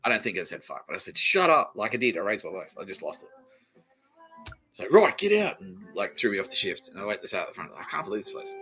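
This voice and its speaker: Deep-voiced and very fast, barely pausing, an Australian podcast host tears through rambling, swear-filled comedy stories, laughing as he rants. Soft music plays underneath and the recording is rough.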